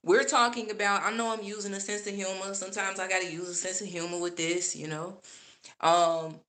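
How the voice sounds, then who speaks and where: A woman giving casual opinion commentary as a vlogger, sassy and animated, laughing often. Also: medium pitch, brisk.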